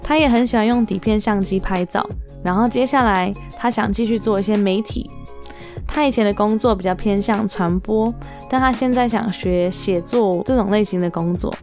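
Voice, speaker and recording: A woman podcast host narrating a voice-over in a steady, explanatory way. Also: medium pitch, moderate pace. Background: faint music.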